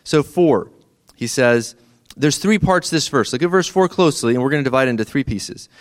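A man's voice: medium pitch, lively intonation, brisk. Conversational man preaching a sermon. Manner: conversational, asks the listeners questions. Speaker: pastor.

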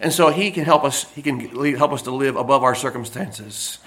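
A man preaching a sermon, slowing down to stress key phrases and dropping in folksy personal stories. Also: mid-range voice, fairly bright tone. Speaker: pastor.

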